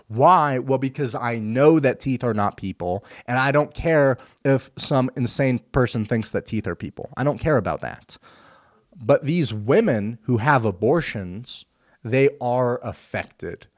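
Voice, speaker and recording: Man, mid-pitched and forceful, dry close sound, opinion monologue full of rhetorical questions. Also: no room sound. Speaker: commentator.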